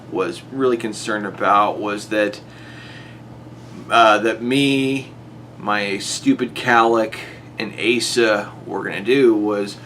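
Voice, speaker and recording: Slow-talking exasperated man. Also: a bit bright, a little hiss or hum. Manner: exasperated, rhetorical, pitch jumps up on questions. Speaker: YouTuber addressing a rival. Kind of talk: monologue to camera.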